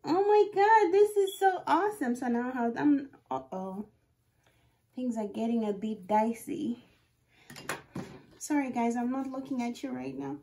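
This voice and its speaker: A high-voiced young woman talks unhurriedly into a phone camera as she fits a wig. She exclaims often and narrates each step of her wig install to viewers in casual self-talk, veering between excitement and nerves. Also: measured pace, long pauses. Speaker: wig review vlogger.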